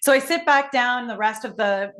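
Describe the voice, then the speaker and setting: Middle-aged lady coach telling stories, kinda high voice, acts out all the quotes. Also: moderate pace. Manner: animated, acts out dialogue in her stories. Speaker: guest facilitator and coach. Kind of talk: storytelling in casual conversation.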